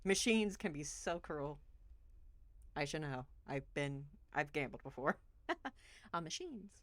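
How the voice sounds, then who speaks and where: A woman's voice: low voice, big pitch swings, measured pace, dry recording. A woman streaming a game live, chatting and giggling with her viewers. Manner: chatty, giggly, talks to chat. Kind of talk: live game playthrough commentary.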